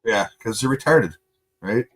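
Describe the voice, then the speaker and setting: A man's voice: on the low side, lively intonation, a little slow, a crowd in the background. A Canadian man hosting a casual podcast chat, ranting heatedly and swearing a lot into a studio mic. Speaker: podcast host.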